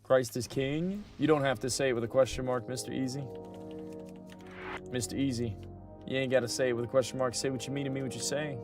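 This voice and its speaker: A man's voice: medium pitch, flat delivery, very fast, few pauses, faint music behind. A young adult man livestreaming a game, chatting casually and answering his chat, often repeating his own lines. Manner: chatty, talks back to chat, repeats himself.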